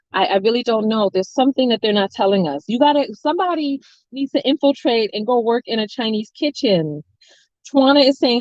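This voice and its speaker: A chatty woman with a fairly high voice hosts a mukbang livestream, talking casually with viewers and drifting into stories. She is close to the mic, and the sound is dry and a little dull. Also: no echo. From family from Nevis. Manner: chatty, storytelling, playful asides to chat. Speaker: mukbang host. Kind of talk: casual chat with live viewers.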